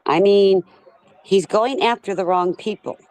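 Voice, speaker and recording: A woman's voice: medium pitch, unhurried, a little mellow. A woman hosting a panel chat, making blunt, short remarks. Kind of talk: casual chat.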